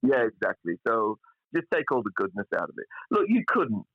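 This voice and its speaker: A man's voice: medium pitch, fairly quick, breathy edge, no echo. Guest chef, man, blunt and sweary, slightly dull lo-fi sound, dry close mic. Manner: blunt, swears freely, animated. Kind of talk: casual podcast chat.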